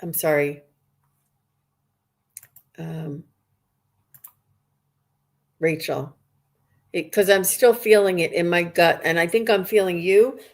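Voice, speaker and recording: Woman, low-ish voice, psychic medium on a live stream, earnest and rambling. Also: takes it slowly, long pauses. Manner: earnest, rambling, many restarts and fillers. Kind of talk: live-stream reading for viewers.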